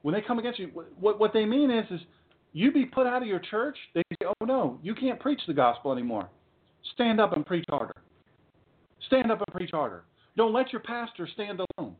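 A man preaching a sermon, fiery and emphatic, with dramatic pauses. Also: high-pitched, animated. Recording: tinny phone-like sound.

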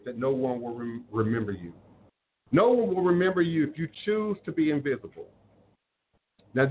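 A man talks earnestly to his live-stream viewers in a fairly high voice, preaching and repeating his points for weight. The sound is thin and phone-like, with a faint hiss beneath it. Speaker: spiritual live-stream host. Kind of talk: live-stream talk, reading viewer comments. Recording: phone-like audio with faint noise.

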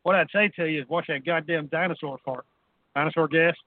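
A man's voice: fairly high pitch, fairly even intonation, brisk, no echo. Profane ranting man in his fifties. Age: 50s. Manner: crude, combative, repeats "okay". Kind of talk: profane ranting talk radio. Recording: phone-line audio.

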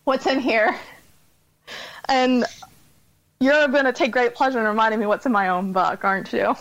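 A woman guest on a casual podcast interview talks about her own writing, chatty and quick to laugh at herself. Her voice sits a little high. The sound is dry and close, with no room around it. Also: fairly bright tone, no room sound, dull audio. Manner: chatty, self-deprecating, laughs often. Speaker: author guest.

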